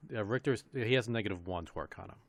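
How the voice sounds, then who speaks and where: A man playing a tabletop game, thinking through rules aloud with hesitant pauses. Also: on the low side, gravelly. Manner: thoughtful, hesitant, rules-minded. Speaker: player. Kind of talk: casual tabletop game chat.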